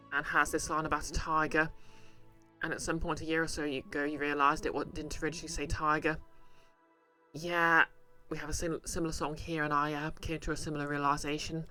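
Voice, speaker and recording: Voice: medium pitch, bright, forceful tone. A streamer chatting casually over gameplay, rambling and joking at their own expense. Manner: chatty, rambling, self-mocking.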